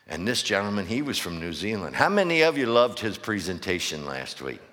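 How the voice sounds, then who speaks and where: Emphatic preacher man with lively pitch. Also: a little fast. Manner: emphatic preaching with call-and-response questions. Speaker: pastor. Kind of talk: sermon. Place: church sanctuary. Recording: long hall reverb.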